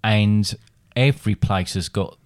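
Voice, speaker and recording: Speaking at a slightly slow pace, this middle-aged podcast co-host from England has an Essex accent and a fairly low, clean-toned voice, recorded dry in a clean studio. His casual anecdotes meander as he keeps cutting himself off mid-thought.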